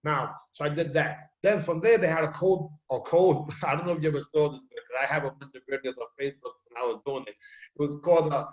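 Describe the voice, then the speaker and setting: A man with a fairly high voice tells stories with energy and acts out what people say. He talks in a room with a lot of echo. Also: fast. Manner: animated storyteller, acts out quotes. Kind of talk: casual video chat. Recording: echoey room.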